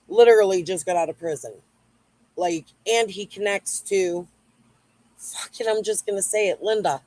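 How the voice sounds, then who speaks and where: A woman rants loosely into a livestream. She swears freely and drifts from thought to thought as she answers the chat. Her voice sits at a middling pitch and sounds close and dry, with no room echo. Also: a little mellow. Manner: rambling, profane, replying to chat. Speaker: YouTube livestream host. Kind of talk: casual livestream rant.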